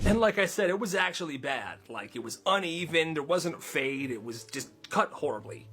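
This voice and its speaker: Animated man telling viral stories. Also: fairly high pitch, moderate pace, hardly any pauses. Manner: animated, slangy. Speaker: narrator. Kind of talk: casual storytelling voice-over.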